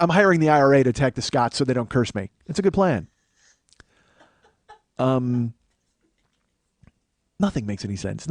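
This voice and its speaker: A man's voice: fairly high pitch, a little mellow, dry recording, clean studio sound. An American man in his forties hosting a comedy podcast, rambling through a profane, self-mocking solo monologue. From United States. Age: 40s. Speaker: podcast host.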